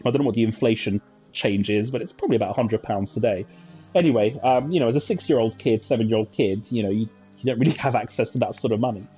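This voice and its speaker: Mellow, husky man reminiscing. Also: mid-range voice, fast, faint music behind. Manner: rambling, nostalgic storytelling with many fillers. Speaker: gaming channel host. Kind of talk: casual gameplay commentary.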